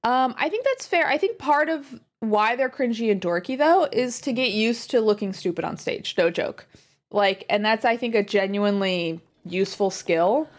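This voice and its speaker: A woman livestreamer chatting casually while she plays, rambling along with lots of fillers and quick asides. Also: a little high, expressive. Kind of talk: casual chat while gaming.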